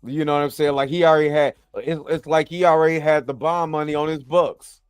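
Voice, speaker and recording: A man's voice: fairly high pitch, steady tone, brisk, clear, resonant tone, dry recording, studio quality, faint music behind. Tired, chatty man reviewing a show. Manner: rambling, slangy, chatty, keeps asking "you know what I'm saying". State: tired, yawning after a long work shift. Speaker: show host reviewing a TV episode. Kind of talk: casual video review.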